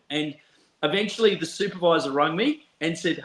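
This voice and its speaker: A man with an Australian accent telling a story from his counselling work in a relaxed chat, laughing often and restarting sentences. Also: fairly high pitch, moderate pace. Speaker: counsellor, podcast guest. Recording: roomy echo.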